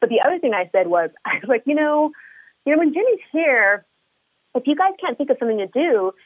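A woman guest-hosting a podcast, telling a story in casual chat. She is lively and sheepish and acts out her own lines as dialogue. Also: high voice, a little fast, no echo. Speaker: guest host. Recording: dry, phone-like line.

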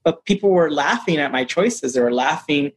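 A man, an actor being interviewed, telling a personal story in a lively, casual way. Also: a little high, normal speed, rough recording. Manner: animated, acts out quoted voices. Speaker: actor guest.

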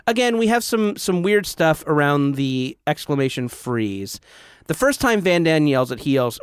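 A man's voice: a little high, big pitch swings, moderate pace, smooth, no echo, clean studio sound. A man co-hosting a movie podcast, chatting casually and laughing easily. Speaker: podcast co-host. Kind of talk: casual chat.

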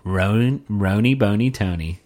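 A man's voice: lowish voice, measured pace, a little mellow. A man co-hosting a comedy podcast in casual chat, swearing freely and riffing with playful bits. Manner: profane, riffing, jumps into silly put-on voices. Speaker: podcast co-host.

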